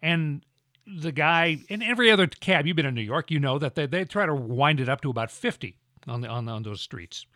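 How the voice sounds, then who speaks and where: A man's voice: fairly high pitch, lively intonation, brisk, sharp tone, dry recording, studio quality. A middle-aged man co-hosting a podcast, telling wry anecdotes with easy laughs in casual banter. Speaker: podcast co-host.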